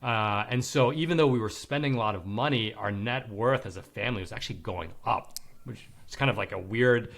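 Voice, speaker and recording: A man's voice: fairly low pitch, a little fast, fairly bright tone. A man in his forties, a podcast guest, telling a candid personal story in casual conversation, swearing now and then and acting out the people he quotes.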